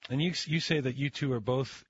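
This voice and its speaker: Brief: male interviewer, husky, friendly, stumbles into his questions, dull dry recording. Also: mid-range voice. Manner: friendly, laughs along, halting restarts.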